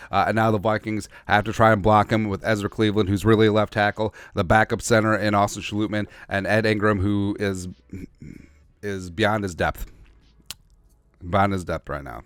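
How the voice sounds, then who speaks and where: A man hosting a sports podcast in a fairly low, smooth and resonant voice. He rants with blunt, sarcastic opinions. The sound is dry and close. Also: fairly bright tone, no echo. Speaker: podcast host.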